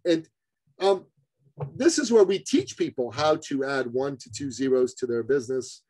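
Animated male storyteller on a podcast. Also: medium pitch, normal speed, no echo, poor audio. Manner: animated storyteller, calls the host "brother". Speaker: podcast guest.

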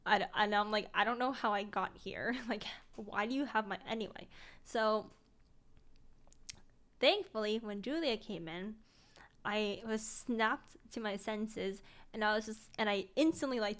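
A young woman chats casually on a stream, her voice sitting a little high. She tells a story with plenty of filler words. She jumps up in pitch and volume whenever she quotes someone. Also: moderate pace. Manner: animated, acts out quotes in higher voice, laughs often.

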